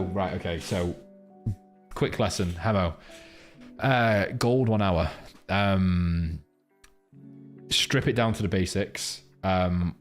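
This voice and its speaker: A man live-streaming, chatting crudely with his viewers and rambling between jokes and a chart lesson. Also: low-pitched. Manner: crude, joking, rambling banter with chat.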